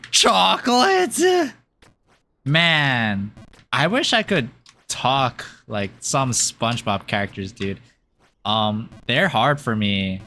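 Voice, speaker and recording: A man streaming a game, chatting casually and rambling, often giggling and filling pauses with um and uh. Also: mid-range voice, pushed and bright. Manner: rambling and giggly, with many fillers. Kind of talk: casual chat while playing a game.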